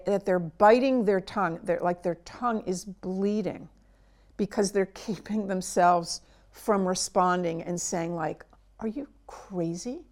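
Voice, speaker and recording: A woman psychiatrist speaks at a deliberate, unhurried pace. She earnestly walks parents through how to handle a hard talk with their child, as a guest in an interview. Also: medium pitch, darkish tone. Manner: earnest, coaching parents step by step. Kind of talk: advice in an interview.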